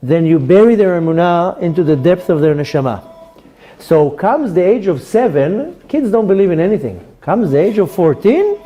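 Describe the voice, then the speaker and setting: Animated high-voiced rabbi giving a class. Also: male voice, normal speed. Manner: animated, acts out dialogues. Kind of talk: Torah class.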